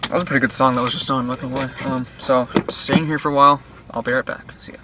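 A young man in his late teens talks from inside a parked car at an ordinary, mid-range pitch. He rambles from one thought to the next, full of fillers, "dude" and "freaking." Car and road noise comes through clearly behind his voice. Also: steady tone, racing. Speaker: vlogger. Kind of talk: casual rambling vlog talk.

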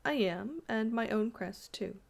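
A woman reading as a demure, gentle young wife. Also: fairly high pitch, animated, measured pace, creaky, voice pushed up. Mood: proud. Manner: soft and demure.

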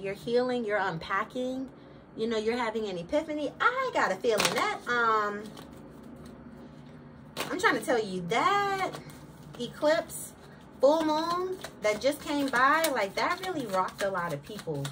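A woman giving a casual tarot reading, sassy and slangy, talking straight to her viewers. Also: fairly high pitch. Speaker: tarot reader. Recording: distant mic with clear background noise.

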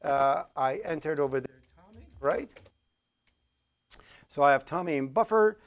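A man with a fairly high voice and lively intonation lectures unhurriedly to a class, coding live as he goes. With a Persian accent, he voices his thinking, peppered with fillers and corrections of himself.

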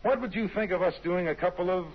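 A man's voice: high-pitched, fast, creaky, husky, exaggerated voice. An actor playing an eager young man of a singing team, talking in a 1950s radio drama style with hesitant starts. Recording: dull old radio broadcast.

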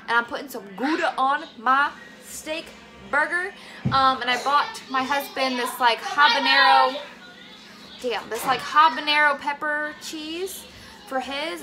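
A young woman talking casually while cooking at home, animated and swearing freely as she asks her viewers "okay?" all the time. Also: high-pitched, normal speed, music in the background, low-quality recording. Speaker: cooking vlogger. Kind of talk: casual chatty cooking vlog.

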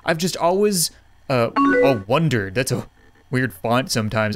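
A man's voice: mid-range voice, expressive, moderate pace, no room sound. A young man playing a chat game, reading messages aloud in a jokey, mock dramatic way. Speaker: gaming YouTuber.

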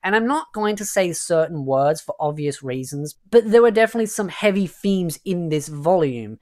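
A woman giving a casual spoken review of a light novel, emphatic and chatty, often worked up and exasperated. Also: lowish voice. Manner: chatty and emphatic, leaning on "of course" and "definitely"; gets worked up and exasperated at the characters.

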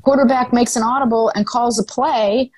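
Assured older woman, husky and dry. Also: fairly high pitch, fairly even intonation, normal speed, a little mellow, dry recording, rough recording. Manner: articulate, emphatic, self-assured storyteller. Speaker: guest, former sports executive. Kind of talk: storytelling in a podcast interview.

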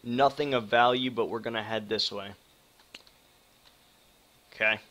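Young male game streamer from Wisconsin, forceful bright tone, excitable, swears, chats with viewers. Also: medium pitch, a little slow. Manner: excitable, swears a lot, talks to chat. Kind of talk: live gameplay commentary.

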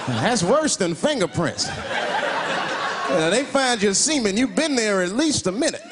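A man performing a stand-up comedy set on a club stage, telling stories in an animated way and shouting his punchlines. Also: high-pitched, normal speed. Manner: animated storytelling with shouted punchlines and put-on voices. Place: comedy club stage before a live audience. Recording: loud laughing crowd and heavy room noise.

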